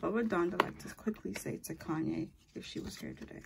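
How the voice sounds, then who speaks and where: A woman's voice: medium pitch, fairly quick, gravelly, hardly any pauses, a little hiss or hum. A woman giving a casual tarot reading, talking in a chatty, rambling way and often correcting herself mid-sentence. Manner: chatty and rambling, with frequent fillers and self-corrections. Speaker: tarot reader.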